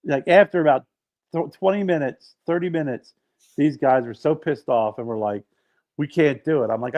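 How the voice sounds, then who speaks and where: A man co-hosting a podcast, telling stories in a casual chat, animated and swearing freely. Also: a little high, normal speed. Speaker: podcast co-host. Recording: dull lo-fi sound.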